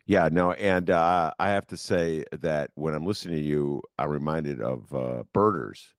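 A man hosting a podcast interview, chatting casually and telling joking, self-deprecating stories in an animated way. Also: a bass voice, moderate pace, no echo, clean studio sound. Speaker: podcast host.

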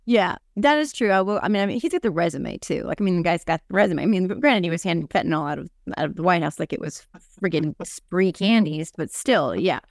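A middle-aged woman hosts a casual political podcast, animated and fond of swearing. She acts out quotes in big voices, and her pitch swings widely. The sound is dry and close. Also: fast talker, creaky, no room sound. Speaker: podcast host.

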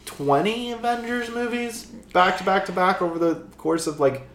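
A man's voice: high voice, moderate pace, fairly bright tone, reverberant. A man co-hosting a podcast, teasing his friend with sarcastic jokes in casual movie chat. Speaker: podcast co-host.

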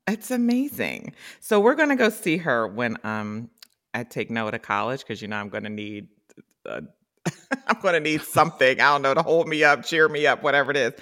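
Woman, middle-aged, co-host, bright tone, very lively pitch, teasing, laughs often. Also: moderate pace. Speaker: podcast co-host. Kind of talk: casual chat.

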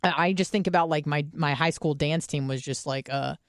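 A woman's voice: low voice, a little fast, no echo, studio quality. A young American woman talking candidly in a casual podcast chat, swearing freely and filling gaps with "like" and "um". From United States.

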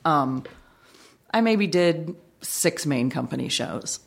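Brief: woman, lowish voice, deadpan sarcastic interview guest. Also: slow, gravelly. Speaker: actress guest. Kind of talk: casual interview chat.

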